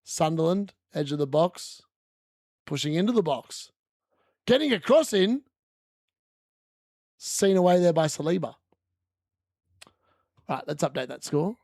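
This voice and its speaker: A man giving chatty, excitable live commentary on a fantasy football watch-along stream, laughing often and correcting himself as he goes. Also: fairly high pitch, a little slow, long pauses, no echo, clean studio sound. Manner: corrects himself mid-sentence.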